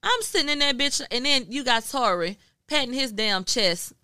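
A woman from Houston, a guest journalist on a podcast, telling a story in casual, profane, animated chat full of acted-out quotes. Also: high-pitched, normal speed, clear, resonant tone, no room sound, studio quality. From Houston, Texas.

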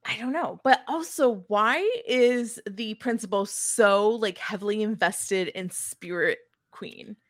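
A woman's voice: medium pitch, slow, no echo, clean studio sound. A woman co-hosting a podcast, musing and thinking aloud in casual chat. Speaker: podcast co-host.

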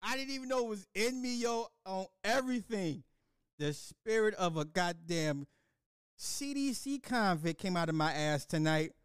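A young man riffing loosely as a talk-show host, profane and animated, often breaking into laughter. His voice sits a bit high for a man. The sound is dry and close, with no room around it. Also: moderate pace, smooth, no room sound. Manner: animated, profane, laughs often, swings between loud and low. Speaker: podcast host. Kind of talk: casual commentary rant.

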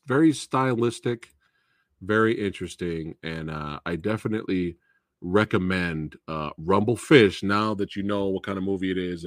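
A man's voice: deep voice, no echo, studio quality. A man hosting a casual live movie show, recapping and reviewing a film in a rambling, chatty way. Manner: rambling and chatty, with fillers and laughs. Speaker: host of a movie talk show.

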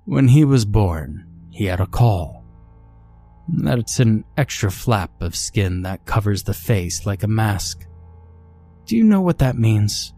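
A man voicing an old, frail pastor who speaks calmly and soothingly. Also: lowish voice, faint music behind, full character voice. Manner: calming, measured.

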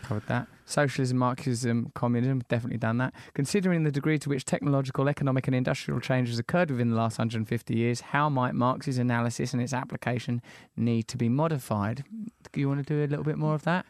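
A man's voice: medium pitch, fairly even intonation, fast, hardly any pauses, dry recording. A man runs a loose, jokey interview, reading questions and then riffing off them. His voice sits in a plain middle register. The sound is dry and close, with no room around it. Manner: jokey, rambling, self-mocking asides. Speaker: podcast host. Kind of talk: casual interview chat.

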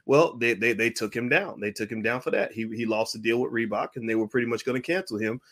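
A middle-aged man hosts a commentary podcast in a mocking, animated way. His voice sits at an ordinary middle pitch. He sometimes jumps up into a high wailing imitation of a crying baby. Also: fast talker. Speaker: podcast host. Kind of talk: commentary monologue.

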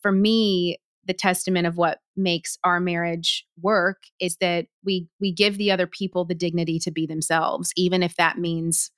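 A woman in her thirties talking earnestly and thoughtfully as an interview guest, often pausing on "you know". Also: fairly low pitch, little pitch movement, a bit bright, clear, resonant tone, no room sound, studio quality. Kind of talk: reflective interview talk.

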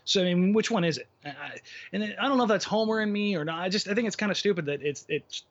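A man's voice: high voice, expressive, fast talker. A man co-hosting a casual basketball podcast, opinionated and rambling, often restarting his sentences. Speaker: podcast co-host. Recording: muffled lo-fi podcast audio.

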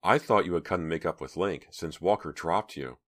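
A man's voice: sits low, normal speed, fairly bright tone. A man reading an audiobook, voicing a scornful teenage girl who talks sarcastically. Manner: sarcastic, scoffing.

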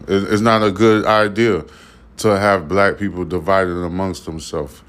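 A man's voice: sits low, fairly even intonation, a little slow, a bit bright. Blunt, profane man ranting on a podcast. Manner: blunt and profane, with many fillers and repeats. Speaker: podcast host. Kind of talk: casual commentary.

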